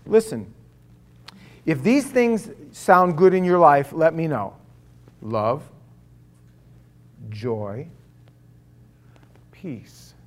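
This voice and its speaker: A middle-aged pastor with a fairly high pitch preaches in a conversational, storytelling style, going from hushed to loud and playing out other people's voices. There is slight background noise.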